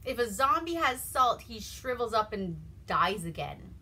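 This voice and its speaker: Lady doing a blunt sassy cook lady, slow and sharp. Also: a little high, sing-song, husky, heavily acted, low-quality recording. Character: sassy woman cook, dry and bossy.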